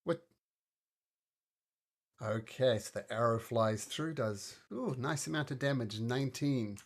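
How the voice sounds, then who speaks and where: A man running a tabletop game as game master, chatty and cheerful, with bursts of excitement when the dice go well. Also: medium pitch, measured pace.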